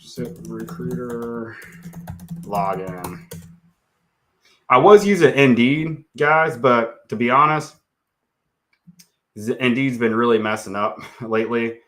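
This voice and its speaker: A man's voice: mid-range voice, unhurried, a bit bright. A man hosting a live stream on real estate, talking bluntly and casually while clicking through his screens, often tagging on "okay" and "guys". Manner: blunt and unfiltered, talks while clicking around; often tags lines with okay, guys, right.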